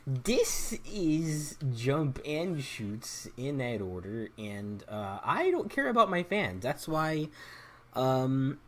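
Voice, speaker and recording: A woman hosting a gaming video, giving joking, profane let's-play commentary and laughing often. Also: sits low.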